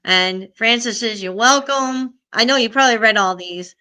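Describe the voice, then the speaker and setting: A woman's voice: a little high, moderate pace, pushed and bright. A middle-aged woman hosting a casual live stream, chatting and answering viewers' comments.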